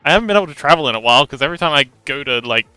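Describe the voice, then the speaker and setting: A man hosting a livestream, reading out chat and answering in a loose, joking way. His voice is bright, clear and a little high for a man, and he talks close to a dry mic with faint music underneath. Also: lively intonation, very fast, no echo. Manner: chatty and playful, laughs often between remarks. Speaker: livestream host. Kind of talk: casual livestream chat, reading viewer messages aloud.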